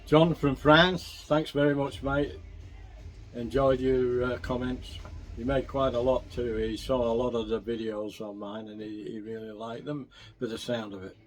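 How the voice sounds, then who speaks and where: A man's voice: mid-range voice, little pitch movement, moderate pace, a little mellow. A man chatting casually as he cooks and eats on camera, self-mocking and talking with his mouth full. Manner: chatty, self-mocking, talks while eating. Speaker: cooking vlogger. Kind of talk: casual cooking vlog chat.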